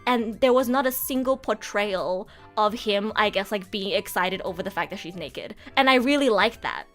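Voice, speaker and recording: Soft music plays in the background as a young female streamer and voice actor chats casually on stream. Her mid-range, fairly bright voice moves at a moderate pace, and she's candid and giggly, regularly stumbling and restarting her sentences.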